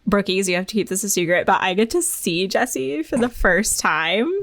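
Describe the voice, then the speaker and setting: A woman's voice: mid-range voice, lively intonation, moderate pace, fairly bright tone, no echo. Female podcast co-host with a mid-range voice. Giggly and chatty, recorded close and dry. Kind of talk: casual podcast chat.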